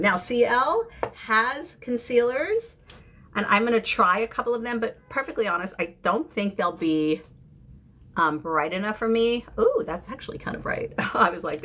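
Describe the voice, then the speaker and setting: A woman in her fifties from San Francisco, chatting casually during a makeup livestream and greeting viewers by name, with bursts of high excitement. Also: husky. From San Francisco, USA. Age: 50s. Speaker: beauty creator.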